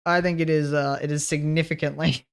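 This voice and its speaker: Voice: mid-range voice, level tone, fairly quick, clear, resonant tone. Joking, laugh-prone livestreamer. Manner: loose and joking, laughs often and swears; talks to self while working, trailing off mid-sentence. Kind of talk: casual livestream chat with viewers.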